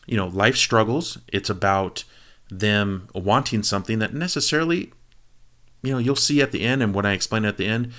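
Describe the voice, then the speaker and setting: Low-voiced male vlogger recapping a film plot, animated and chatty. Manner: animated storytelling, quick asides to the viewer, acts out quoted lines. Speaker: movie review vlogger. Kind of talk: casual retelling of a film plot.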